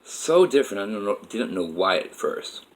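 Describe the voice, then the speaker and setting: A man's voice: fairly low pitch, sing-song, normal speed, low-quality recording. A man telling a personal story in a rambling, repetitive way with many "like" fillers.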